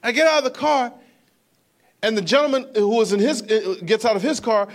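A man's voice: high voice, a little fast. A man in his thirties preaching a sermon, telling a story with rising intensity and asking the congregation rhetorical questions. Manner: animated storytelling, rising to emphatic outbursts, rhetorical questions to the crowd. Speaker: pastor.

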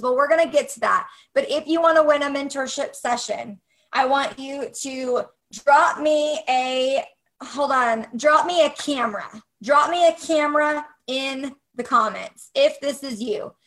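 A woman's voice: high-pitched, fairly bright tone, rough recording. A woman coaching photographers on a casual livestream, upbeat and encouraging, speaking straight to her viewers.

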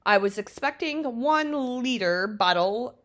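A woman's voice: fairly high pitch, animated, unhurried, fairly bright tone, pitched above the performer's own voice. A woman voicing a strict, domineering nurse who barks stern commands. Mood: commanding.

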